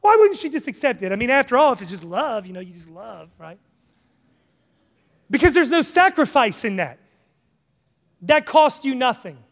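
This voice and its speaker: High-voiced preacher in a reverberant hall. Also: male voice, moderate pace, long pauses. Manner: animated, conversational preaching with jokes and acted asides. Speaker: pastor. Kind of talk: sermon.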